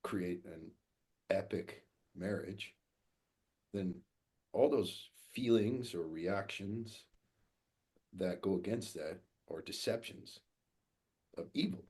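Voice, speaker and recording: Low raspy male coach, swears freely, tells it straight. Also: takes it slowly, long pauses. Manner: blunt, profane, animated storyteller. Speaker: guest, fathers' coach. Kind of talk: casual podcast storytelling.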